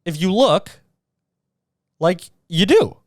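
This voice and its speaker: A man's voice: high voice, expressive, slow pace, no room sound, studio quality. A man hosting a podcast, ranting in a crude, sarcastic and mocking way. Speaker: podcast host. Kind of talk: casual podcast rant.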